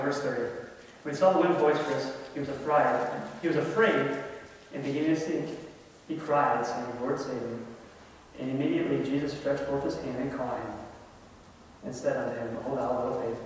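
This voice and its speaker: A man's voice: medium pitch, fairly even intonation, brisk, pauses often, slight background noise. A man preaching a conversational sermon in a church, often asking the congregation questions. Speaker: lay preacher. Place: church sanctuary. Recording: echoey hall, voice from far off.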